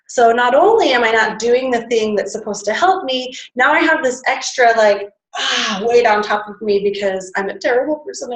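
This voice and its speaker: A woman's voice: on the high side, roomy sound, rough recording. A woman giving a chatty motivational talk to a live audience, demonstrating breathing with sighs. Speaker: wellness workshop presenter. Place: standing before an audience in a room.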